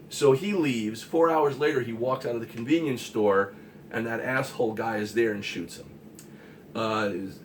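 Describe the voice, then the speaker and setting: A man's voice: mid-range voice, normal speed. A man giving an earnest, rambling monologue, emphatic and full of fillers and restarts. He talks to the camera as a vlogger. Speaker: comic artist and vlogger. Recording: distant mic with faint hiss.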